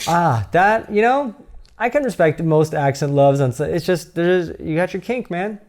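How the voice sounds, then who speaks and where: A man guesting on a podcast in a studio, talking in a slightly high voice. He swears a lot, laughs between lines and slips into quick quoted voices as he tells his stories. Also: lively intonation. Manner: profane, laughing, acts out quotes. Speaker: comedian guest. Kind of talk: casual podcast chat.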